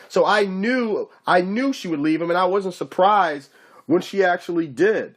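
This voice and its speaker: A man's voice: high voice, normal speed. A man giving a casual, profane ranting commentary to camera, mocking his target and often asking if you get what he's saying. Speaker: YouTube commentator.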